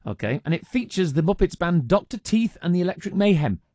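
Chatty male radio presenter, lively pitch. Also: fairly quick, dry recording, clean studio sound. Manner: chatty, lots of ums and uhs, reads out listener texts. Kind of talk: casual radio chat. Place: radio studio. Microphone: studio microphone.

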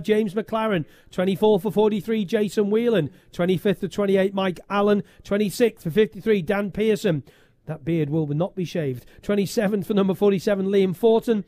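Man, high voice, radio race commentator, brisk results reading, dry close mic. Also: warm tone, no room sound. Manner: brisk, reads results in quick lists. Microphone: studio commentary box mic.

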